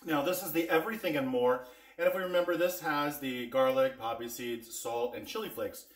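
Speaking fairly quickly in a voice on the high side, a man runs a casual taste-test vlog, sampling spice blends with eager enthusiasm and talking to his viewers. The audio has a roomy sound.

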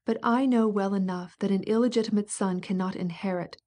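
A proud princess, bitter and cutting, her words edged with wounded resentment, as a woman reads her in an audiobook. The tone is mellow and dark rather than shrill. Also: fairly even intonation, fairly quick, lightly acted. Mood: bitter, indignant.

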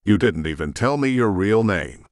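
A man's voice: on the low side, animated, moderate pace, no room sound, studio quality. A man voicing a headstrong young woman who is a tigress shifter, talking defiantly and with scorn. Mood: hurt. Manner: defiant, scoffing.

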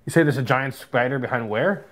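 A man's voice: medium pitch, fairly quick, noisy background. A man reacting to a horror game as he plays it. He is sarcastic, laughs often, and swears. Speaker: video game player. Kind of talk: casual let's-play reaction.

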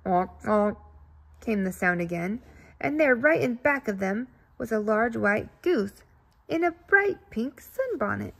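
A woman reading a children's storybook aloud in an expressive, playful way. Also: a little high, measured pace, vocal fry, slightly rough.

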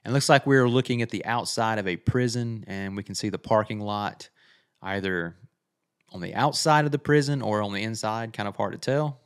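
A man's voice: fairly low pitch, normal speed, smooth. A middle-aged man hosting a gaming channel, chatting casually through a game trailer breakdown and thinking aloud with frequent "uh"s.

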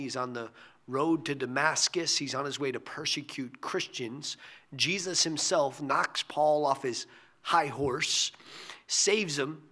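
Gravelly, bright-toned male pastor. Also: fairly high pitch. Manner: earnest, drops to a hushed near-whisper on key phrases. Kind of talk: short devotional sermon.

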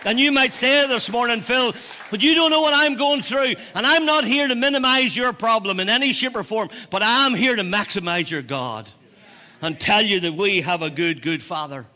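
A man's voice: high-pitched, normal speed, pushed and bright. A man with a Northern Irish accent preaching a sermon as pastor, passionate and building to emphatic declarations. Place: church hall. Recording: long church reverb.

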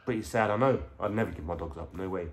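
A man's voice: deep voice, fast, slight background noise. A young man with a London accent telling a rambling, slangy story to camera at home, full of fillers and swearing. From England. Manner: rambling, profane street slang, lots of fillers. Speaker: vlogger. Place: indoors at home.

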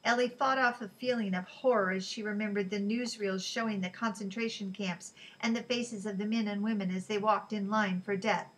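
A woman narrating a novel as an audiobook in a steady, measured way. Her voice sits at a middle pitch for a woman. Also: low-quality recording. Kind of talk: scripted narration.

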